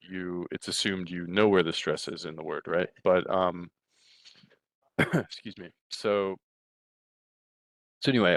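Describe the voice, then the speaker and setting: Deep-voiced man teaching a language lesson. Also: no room sound. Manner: relaxed, repeats "right?" and "да?" often, restarts. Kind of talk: recorded textbook lecture.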